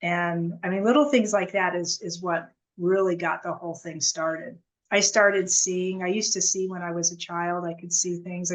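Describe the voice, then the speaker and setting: A woman's voice: lowish voice, rough recording. Earnest woman recounting. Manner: earnest, halting, many restarts and fillers. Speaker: interview guest. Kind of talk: casual spoken storytelling.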